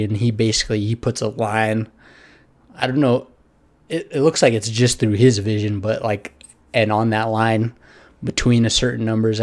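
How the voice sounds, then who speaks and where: A man's voice: lowish voice, darkish tone. Rambling man casually reviewing anime. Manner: rambling, filler-heavy, casual swearing.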